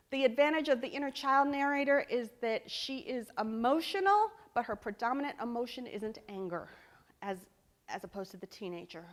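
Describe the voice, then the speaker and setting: A woman giving a conference talk, teaching in a lively, emphatic way with asides to the audience. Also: mid-range voice. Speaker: conference speaker.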